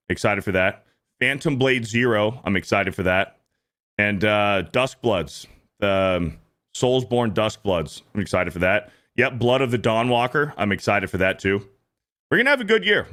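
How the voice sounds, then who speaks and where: A man's voice: lowish voice, normal speed, fairly bright tone. A man hosting a stream, giving casual reaction commentary in a blunt, profane, repetitive way. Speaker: streamer host.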